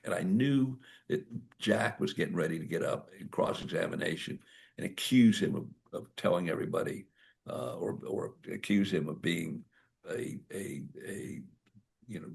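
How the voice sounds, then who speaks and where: An older man speaks in a very deep voice with a gravelly edge. He tells courtroom stories at a book talk, acting out each exchange. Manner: anecdotal, acts out dialogue. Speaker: author and former prosecutor.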